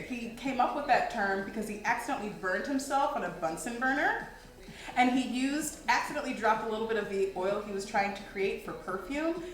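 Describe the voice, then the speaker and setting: A woman hosting a kids' science livestream, explaining with upbeat enthusiasm. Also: a little high. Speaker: host. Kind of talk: kids' educational livestream chat. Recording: echoey room.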